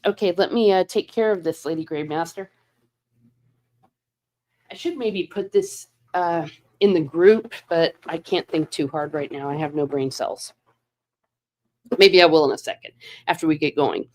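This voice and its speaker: A jet-lagged woman hosting a casual livestream, telling a story in an excitable way and acting out her own reactions. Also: low-pitched. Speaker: livestream host.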